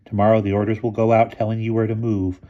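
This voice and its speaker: A man's voice: fairly low pitch, little pitch movement, fast talker, dark tone, lo-fi sound, pitched above the performer's own voice, close to an everyday voice. A man voicing a nervous teenage schoolboy who brings bad news hesitantly.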